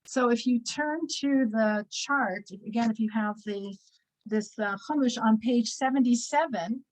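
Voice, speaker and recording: A woman's voice: on the high side, measured pace, a little mellow, low-quality recording. A woman in her sixties teaching a weekly scripture class, talking casually and telling stories with many fillers and restarts. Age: 60s.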